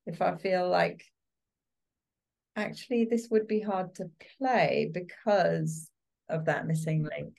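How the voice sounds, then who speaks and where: A woman casting director talks through her work as an interview guest. Her delivery is animated and conversational. She laughs easily and acts out the reactions of the actors she describes. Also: on the low side, slow pace, creaky.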